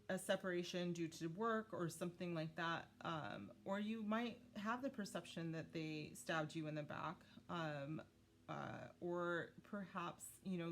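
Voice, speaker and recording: Woman, low voice, casual tarot reader, chatty, lots of fillers. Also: slight background noise. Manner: chatty, many fillers, talks to spirit guides. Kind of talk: casual tarot reading to viewers.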